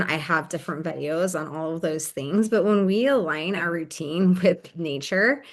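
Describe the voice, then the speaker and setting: Lady with a low voice explaining wellness stuff, calm and easygoing, lots of ums and likes. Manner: calm, gentle, with many fillers. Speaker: wellness teacher. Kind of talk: casual instructional talk.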